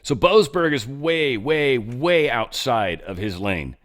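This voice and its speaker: A man hosting a solo show, reading news excerpts aloud and reacting in a casual, offhand way, often trailing off into low muttered asides. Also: lively intonation, takes it slowly, a bit bright. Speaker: show host.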